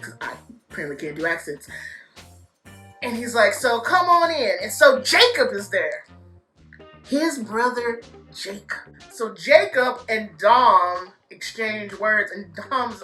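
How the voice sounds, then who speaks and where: A woman giving a casual movie review, animated and laughing, swearing freely and acting out scenes. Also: mid-range voice, measured pace, reverberant, soft background music.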